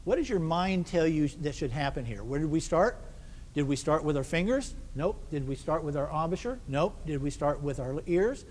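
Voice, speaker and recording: A man's voice: fairly high pitch, animated, moderate pace, darkish tone. A man leading a band rehearsal, asking questions and answering them himself and counting the players in. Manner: counts the ensemble in. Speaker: band conductor. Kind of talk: rehearsal instruction. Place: rehearsal hall. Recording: long hall reverb, faint noise.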